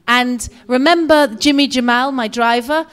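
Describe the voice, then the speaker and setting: Animated British woman telling a story. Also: high voice, measured pace. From Britain. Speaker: guest speaker. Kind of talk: personal storytelling talk. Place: community center hall.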